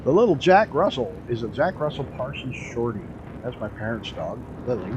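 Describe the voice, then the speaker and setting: A man's voice: mid-range voice, big pitch swings, moderate pace, highs cut off, background noise. A man streaming a flight game, chatting casually and rambling through stories with the odd swear word. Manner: laid-back rambling storyteller, swears casually.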